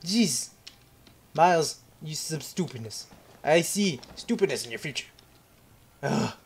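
A man's voice: fairly high pitch, expressive, measured pace, gravelly, slightly rough. A young man giving let's play commentary on a horror game, rambling and joking to himself. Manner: jokey, rambling self-talk. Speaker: gaming commentator.

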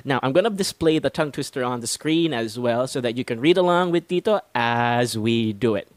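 A man's voice: mid-range voice, lively intonation, fairly quick, dry recording. A man teaching English pronunciation in a chatty, self-deprecating way, close to the microphone. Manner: chatty, self-deprecating, refers to himself in third person. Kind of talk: online pronunciation lesson.

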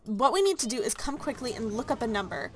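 A woman narrates her life-simulation game in a casual, chatty way. She talks anxiously and fills her sentences with likes and ums. Her voice sits fairly high. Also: sing-song, fast. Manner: chatty, anxious, full of fillers. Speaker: let's play host.

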